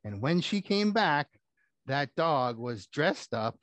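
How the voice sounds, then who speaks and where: Puppeteer guy doing kids rhymes, bouncy voice, slow and dry. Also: fairly high pitch, very animated, a bit bright, no echo. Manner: playful, theatrical. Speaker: puppeteer and storyteller. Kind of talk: children's puppet show storytelling.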